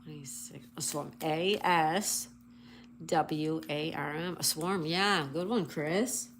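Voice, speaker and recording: A woman hosting a casual livestream, reading viewer comments and slowly spelling out crossword answers letter by letter. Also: low voice, slight background noise. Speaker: livestream host.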